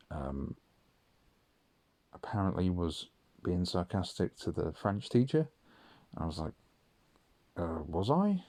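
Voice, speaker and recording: Man, mellow and dark-toned, telling slow, rambling stories with frequent ums. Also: deep voice, creaky, no echo. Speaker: vlogger. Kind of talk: late-night rambling storytelling.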